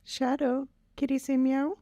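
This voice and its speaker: A woman's voice: high-pitched, flat delivery, measured pace, dark tone, no echo, clean studio sound. A woman coaxing her pet cats in sing-song baby talk. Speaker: cat owner. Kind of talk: coaxing pets.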